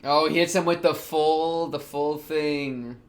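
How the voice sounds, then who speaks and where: A young man, reacting to an anime episode in casual commentary, excitable, laughing often and talking back to the characters. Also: on the high side, slow pace.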